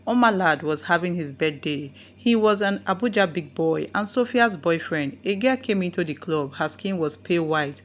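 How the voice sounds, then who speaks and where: A woman narrating a folktale in a steady reading voice. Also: on the low side, moderate pace, few pauses. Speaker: storyteller. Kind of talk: scripted story narration.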